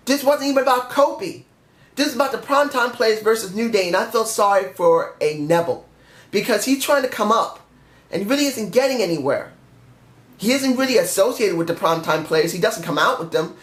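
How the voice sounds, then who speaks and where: Guy venting about a wrestling show, annoyed and rambly, trips over his words then fixes them, sounds like an echoey room. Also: high-pitched. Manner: frustrated, ranting, stumbles and corrects himself. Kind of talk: solo review rant.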